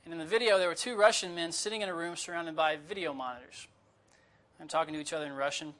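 Guest preacher, male, high and bright-toned, chatty sermon delivery read from notes. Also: steady tone, quick pace. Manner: conversational, with humorous asides and disclaimers; reads closely from notes.

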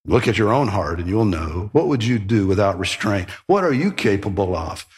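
Emphatic male preacher, lively pitch. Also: moderate pace. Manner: emphatic preaching with rhetorical questions and sudden swells. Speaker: pastor. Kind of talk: sermon.

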